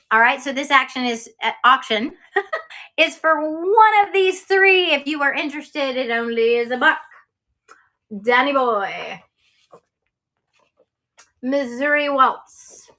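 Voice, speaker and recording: A woman's voice: sits high, pushed and bright. A woman running a casual live-selling stream as an online auction seller, chatty and cheerful, with lots of ums and laughs.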